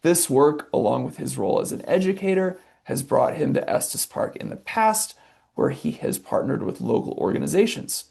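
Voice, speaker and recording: A man hosting an event, reading a formal introduction in a measured, scripted way. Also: a little high, big pitch swings, gravelly, darkish tone, husky. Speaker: event host.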